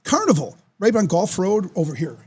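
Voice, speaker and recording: A man, telling a story as a podcast guest in an excitable, animated way. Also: sits high, brisk, husky. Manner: animated, excitable storyteller who acts out quoted voices. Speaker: podcast guest, former football player. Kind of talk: casual storytelling.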